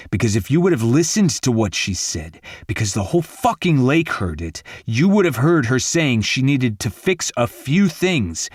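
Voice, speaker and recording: A man's voice: lowish voice, no room sound, clean studio sound. A man doing a blunt, scolding best friend.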